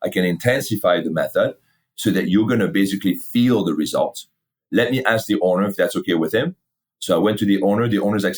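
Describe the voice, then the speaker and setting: A middle-aged man, a fitness company founder, telling his story in a casual interview, animated, swearing freely and acting out old conversations. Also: sits low, fast, slightly rough. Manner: animated, swears freely, acts out past dialogue.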